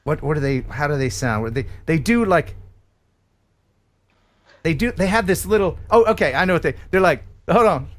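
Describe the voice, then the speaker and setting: A man's voice: on the high side, expressive, normal speed, pauses often. An American man co-hosting a casual drone news chat, joking and sarcastic. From United States. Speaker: co-host.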